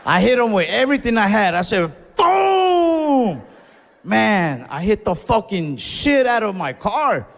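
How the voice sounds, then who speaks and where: Laid-back gravelly stand-up comedian, a man. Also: sits high, expressive, normal speed, few pauses. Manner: laid-back, profane, acts out his own shouts. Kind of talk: stand-up storytelling. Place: comedy club stage. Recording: live room with long reverb.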